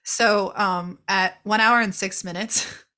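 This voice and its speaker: A woman's voice: medium pitch, fairly even intonation, takes it slowly, pushed and bright. A woman co-hosting a podcast, chatting casually and animatedly about a movie, laughing and swearing as she acts out the characters. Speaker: podcast co-host reviewing a movie. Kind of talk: casual chat.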